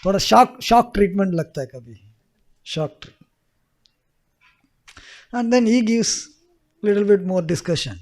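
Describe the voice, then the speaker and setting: A man's voice: high-pitched, expressive, brisk, long pauses, darkish tone. A man teaching a scripture story in a class, chuckling often and repeating key phrases. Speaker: spiritual teacher.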